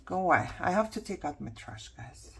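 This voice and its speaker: A woman's voice: on the low side, expressive, a little fast, gravelly, fairly bright tone, a little hiss or hum. A woman vlogger chatting casually to herself and viewers as she works on a craft project, joking about how tired she is. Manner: chatty, self-mocking, talks to herself while working.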